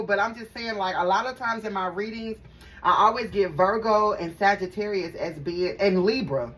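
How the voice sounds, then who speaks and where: A tarot reader gives her viewers a casual reading, chatty and emphatic, repeating phrases and speaking straight to them. Her mid-range voice is a bit bright and moves at a normal speed. She sits a bit far from the mic, with faint background noise.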